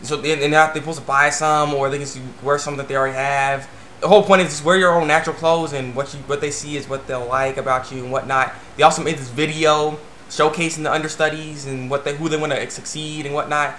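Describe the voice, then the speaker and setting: A man rambling casually through an anime episode review, breaking into squeaky voices for quoted characters. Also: little pitch movement, fast talker, a bit bright, echoey room, a little hiss or hum.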